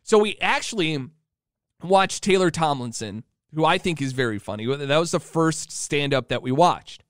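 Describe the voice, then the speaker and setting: A man's voice: on the high side, animated, normal speed, a bit bright, no echo, clean studio sound. Chatty man hosting his own show. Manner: rambling, chatty storytelling. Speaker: show host. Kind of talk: casual monologue.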